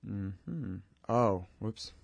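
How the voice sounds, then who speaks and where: A man's voice: on the low side, animated, very slow, gravelly, no echo. A man hosting his own radio show, rambling informally and wryly between plugs. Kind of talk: casual monologue with plugs.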